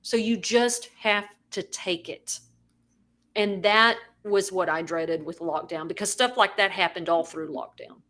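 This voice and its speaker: A woman co-hosting a podcast, telling a story in a lively way and acting out the people she quotes. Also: mid-range voice, unhurried. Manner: animated, acts out quoted voices. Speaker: podcast co-host. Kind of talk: casual storytelling.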